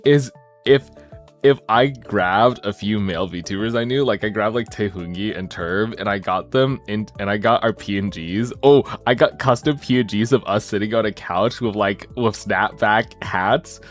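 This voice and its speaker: A man chatting casually on a stream, jokey and animated, his voice swinging from mumbles to high excited bursts. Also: normal speed, soft background music.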